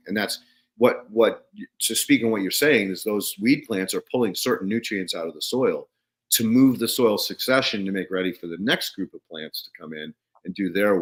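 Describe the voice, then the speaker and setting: A man with a lowish voice hosts a podcast in loose, casual chat. He rambles through his stories with frequent restarts and drops a swear word here and there. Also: fairly bright tone. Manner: rambling storyteller, swears freely. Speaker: podcast host.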